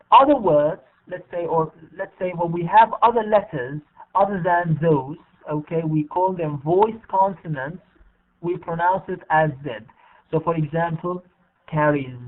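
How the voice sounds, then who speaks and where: A man teaching English in an online class, speaking haltingly with many fillers and repeated words. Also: high-pitched. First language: Arabic. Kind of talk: bilingual online lesson. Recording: tinny phone-like online call audio.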